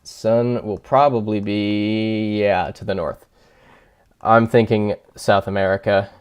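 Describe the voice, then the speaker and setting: A man's voice: fairly low pitch, fairly even intonation, slow, smooth. A man thinking aloud as he streams a game, chatting with his viewers and poking fun at himself. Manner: thinking aloud, chatty and self-deprecating, reading chat. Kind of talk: casual livestream commentary.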